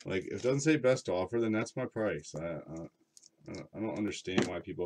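A low, brisk, slightly mellow male voice comes through with a faint hiss or hum. He runs a card break livestream, talking loosely to viewers and reading off card names mid-ramble.

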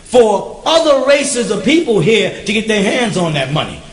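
A man's voice: sits high, big pitch swings, normal speed, roomy sound. A man teaching a recorded question-and-answer class, speaking emphatically and often checking that his listeners follow him.

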